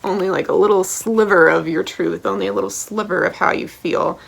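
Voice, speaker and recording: Blunt, fiery woman with vocal fry. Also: mid-range voice, steady tone, fairly quick. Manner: blunt, passionate, swears freely, keeps checking in with "okay?" and "right?". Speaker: tarot reader. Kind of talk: pick-a-card tarot reading to camera.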